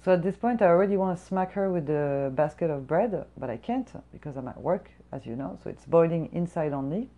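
A lower-voiced woman server ranting through a casual storytime, swearing freely and getting heated. She talks fast in bursts. The recording sounds dull and lo-fi. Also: lively intonation, mellow. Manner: profane, heated, fast-talking. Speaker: restaurant server.

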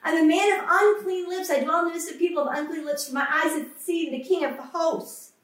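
A woman's voice: very high voice, fairly even intonation, fairly quick. A woman preaching a sermon with passion, acting out the voices of the people she quotes and repeating words for emphasis. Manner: impassioned, acts out quoted voices, emphatic repetition. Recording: echoey room, voice from a distance.

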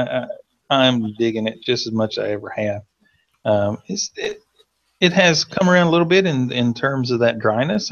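A man with a light Southern accent and a gravelly edge to his voice talks cigars in relaxed, chatty fashion. He laughs easily and often while telling a story. The recording sounds dull and lo-fi. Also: mid-range voice. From Tennessee, US. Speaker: cigar podcast co-host. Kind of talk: casual chat.

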